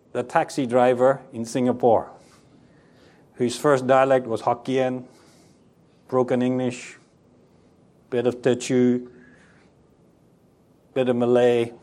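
A man preaching a sermon to a congregation, animated and acting out the voices of the people in his story. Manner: animated, acts out quoted voices with sharp pitch swings.

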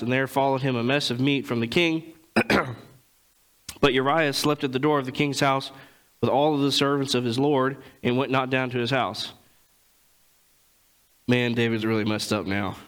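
A man preaching a sermon, reading scripture and retelling it in casual everyday speech, clearing his throat often. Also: medium pitch, fairly bright tone, rough recording.

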